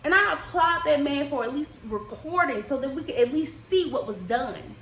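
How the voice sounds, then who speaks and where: A woman's voice: sits high, expressive, moderate pace, a bit bright, roomy sound, slight background noise. A woman from the United States speaking in an impassioned personal vlog, emotional and casual, her voice rising and falling with feeling. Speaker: vlogger. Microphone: desk microphone.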